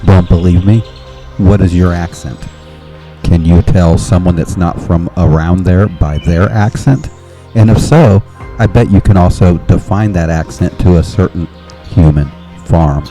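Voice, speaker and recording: Male podcast host, low and very mellow, rambling delivery, faint music under him. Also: measured pace. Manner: rambling, with restarts and nervous laughs. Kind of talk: casual monologue.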